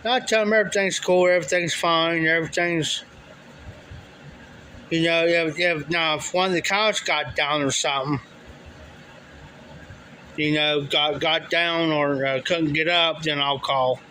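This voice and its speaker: Man, casual storyteller, rambling, fairly high voice, bright tone. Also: fairly even intonation, unhurried, long pauses, a little hiss or hum, poor audio. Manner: rambling, repeats "he says" and "I said" often. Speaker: livestream storyteller. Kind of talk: casual spoken anecdote.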